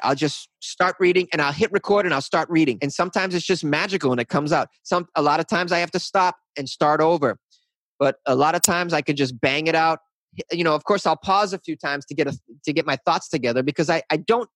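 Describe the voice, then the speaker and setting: A man talking casually as a podcast guest, rambling and animated, with frequent restarts. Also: on the high side, no room sound. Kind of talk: casual interview talk.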